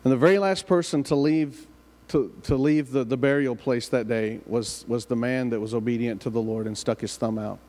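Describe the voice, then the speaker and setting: A man's voice: mid-range voice, steady tone, normal speed, a little mellow. Man preaching in a reverberant hall. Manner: earnest, repeats and restarts phrases while telling a story. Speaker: pastor. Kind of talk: sermon storytelling. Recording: long reverb of a large hall.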